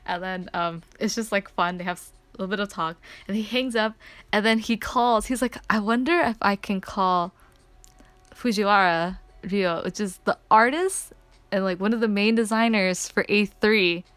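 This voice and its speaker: A woman streamer telling a story in casual chat, excitable and rambling, with lots of filler words. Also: medium pitch, normal speed, clean tone, no room sound.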